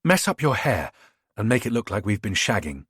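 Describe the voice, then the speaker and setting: A man's voice: lowish voice, big pitch swings, fairly bright tone, breathy edge, dry recording, studio quality, exaggerated voice. A man voicing a bold, playful young woman who teases and jokes. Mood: teasing. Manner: teasing, quick to joke.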